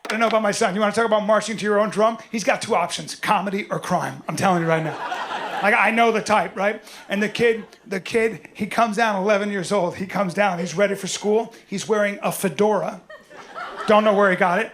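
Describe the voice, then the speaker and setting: A middle-aged man performing a swaggering stand-up comedy set on stage, often shouting his punchlines. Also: sits high, a little fast. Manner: loud, swaggering, punchy delivery with frequent shouting. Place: stage before a live audience. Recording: live show with audible audience noise.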